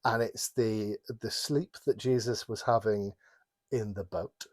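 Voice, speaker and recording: A man's voice: lowish voice, steady tone, measured pace. A man co-hosting a casual Bible study podcast, rambling and restarting his sentences, often breaking off to add apologetic asides. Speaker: podcast co-host.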